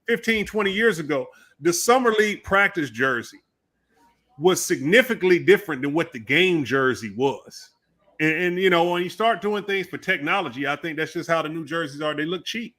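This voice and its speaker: A man with a bright, forceful voice holds forth in a casual basketball podcast chat. He argues his point at length and insistently, with a fairly high pitch. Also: lively intonation, normal speed. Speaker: podcast co-host.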